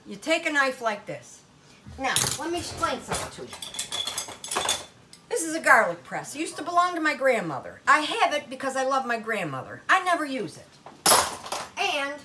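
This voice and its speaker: Older lady cooking at home, folksy nonna chatter, kinda high voice. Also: very noisy. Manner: chatty, folksy Italian-American grandmother way of talking. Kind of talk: casual cooking demonstration. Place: home kitchen.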